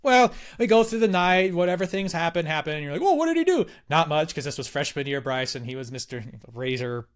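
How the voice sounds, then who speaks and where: A man's voice: fairly high pitch, a little fast, few pauses, clean tone. A young man in his twenties telling a story in casual chat, swearing freely and acting out other people's lines. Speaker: podcast guest.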